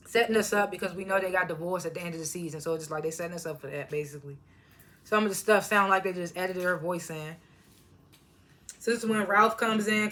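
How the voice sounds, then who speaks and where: Woman recapper with AAVE speech, casual and animated, bright tone. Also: fairly low pitch. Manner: laughs often, animated retellings of quotes. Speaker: reality TV recapper.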